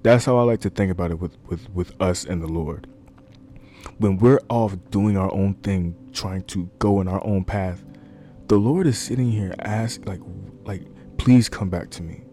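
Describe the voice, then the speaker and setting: A man with a deep, warm voice preaches in an earnest, conversational way, circling back and repeating his points. He talks into a close microphone, with faint music playing underneath. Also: normal speed. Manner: earnest, repetitive, conversational with fillers. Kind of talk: informal sermon. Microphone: desk microphone.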